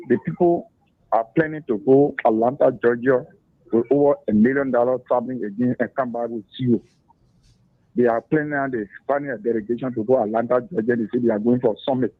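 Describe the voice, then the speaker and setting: A man with a Liberian English accent phones in to a radio talk show and pours out an impassioned lament. His voice comes through husky and muffled on a dry phone line. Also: mid-range voice, no echo. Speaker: caller. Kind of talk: call-in radio complaint.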